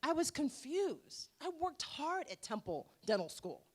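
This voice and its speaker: A woman in her forties, a dentist giving an emphatic, rhetorical motivational speech with dramatic pauses at a gala. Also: high voice, big pitch swings. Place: gala event room.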